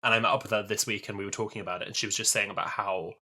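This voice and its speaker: A man's voice: lowish voice, steady tone, rapid-fire, pushed and bright. A man in his twenties co-hosting a podcast in casual chat, talking loosely with many fillers and frequent laughs. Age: 20s. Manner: chatty, laughs often, lots of fillers. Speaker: podcast co-host.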